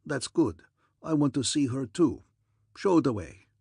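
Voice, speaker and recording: A man doing a gruff swaggering con man in thick accent. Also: mid-range voice, sing-song, a little slow, dark tone, no room sound, heavily acted. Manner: growling, thick put-on accent.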